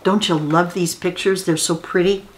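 A woman reading a picture book aloud to children, gently explaining new words and asking them questions. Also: on the low side, steady tone, moderate pace, noisy background. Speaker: children's storyteller.

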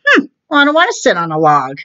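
A woman voicing a fussy, complaining little frog in a high, whiny voice for a storybook read-aloud. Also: wildly swooping pitch, fast, bright, forceful tone, lo-fi sound.

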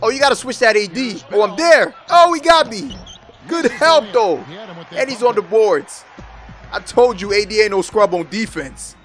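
A young man giving excited, trash-talking commentary over his own basketball video game play. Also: high voice, moderate pace. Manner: hyped, exclaiming, trash-talking. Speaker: gaming YouTuber. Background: background music.

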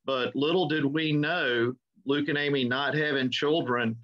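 A man's voice: a little high, fairly even intonation, measured pace. A middle-aged man hosting an interview, telling stories in an easygoing way and chuckling as he recalls old pranks. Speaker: podcast host. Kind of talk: conversational interview. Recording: dull lo-fi audio.

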